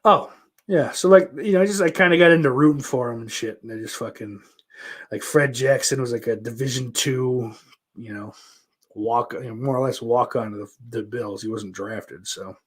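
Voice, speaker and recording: A man's voice: medium pitch, normal speed. A man from hosting a podcast, rambling in casual chat, with lots of swearing, fillers and restarts. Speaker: podcast host. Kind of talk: casual chat answering viewer questions.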